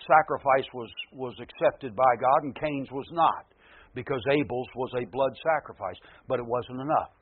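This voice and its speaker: A man preaching a sermon, building to loud emphatic peaks and then dropping low again. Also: breathy edge, dry recording, phone-quality sound.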